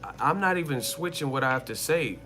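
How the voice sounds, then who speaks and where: Expressive and fairly quick, this man's medium-pitched voice comes across bright and forceful as he hosts a live boxing commentary stream. He talks in an emphatic, slangy, casual way and keeps repeating what he's said.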